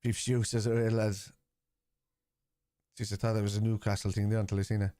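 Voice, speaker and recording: A man's voice: fairly low pitch, level tone, a little fast, mellow, clean tone, no room sound, clean studio sound. A man hosting a live football watchalong, chatting casually and answering viewers' comments.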